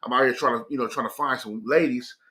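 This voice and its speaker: Brash carefree middle-aged guy, halting and drawling, bright edgy voice, a storyteller putting him on. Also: mid-range voice, fairly even intonation, pitched below the performer's own voice, lightly acted. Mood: blurting. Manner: drawling, halting, full of fillers.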